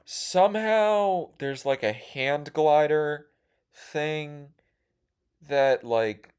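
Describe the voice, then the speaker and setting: A young man hosting a podcast, telling rambling stories full of swearing, and he gets excited easily. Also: on the high side, extremely slow, clear, resonant tone. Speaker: podcast host. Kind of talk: rambling storytelling.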